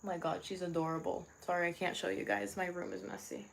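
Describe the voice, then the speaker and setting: A woman's voice: lowish voice, big pitch swings, quick pace, gravelly, a little hiss or hum, poor audio. A tired young woman chatting casually to viewers on a livestream from her bedroom, talking to her dog now and then. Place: bedroom at home.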